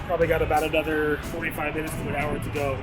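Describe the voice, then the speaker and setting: A man's voice: on the high side, completely flat delivery, rapid-fire. Chatty man vlogging over music. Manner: chatty, filler-heavy, joking. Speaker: vlog host. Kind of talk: casual vlog talk and interview. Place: driving in a car, then indoors at an office.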